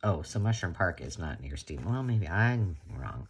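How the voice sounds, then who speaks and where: Woman, husky voice, swooping animated pitch, gushing unboxing chat, crafting host. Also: moderate pace. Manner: chatty, gushing, exclamatory.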